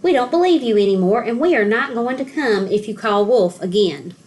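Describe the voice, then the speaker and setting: Stern village men speak up in a firm, scolding tone, as a woman reading a storybook puts them on. The voice is fairly high and plain, a reader's light take on grown men fed up with being fooled. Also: animated, a little fast, a little mellow, slight background noise, close to an everyday voice. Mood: annoyed. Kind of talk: children's storybook read-aloud.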